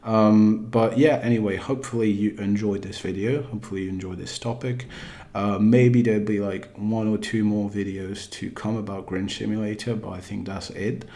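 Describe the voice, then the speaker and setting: A man's voice: lowish voice, fairly even intonation, normal speed, mellow. A man doing a put-on British accent, giving a rambling opinion monologue about a game, full of fillers and restarts. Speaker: gaming video creator.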